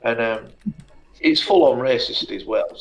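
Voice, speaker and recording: A man's voice: mid-range voice, a little slow, gravelly, rough recording. A man with a Yorkshire accent chatting on a group call, telling blunt, sweary stories. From Yorkshire, England. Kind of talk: casual chat. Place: home, online group call.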